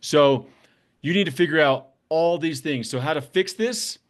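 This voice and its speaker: A man's voice: a little high, normal speed. A man hosting a construction business show, giving blunt, plainspoken advice and telling stories, with the odd swear word. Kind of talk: casual advice talk to camera.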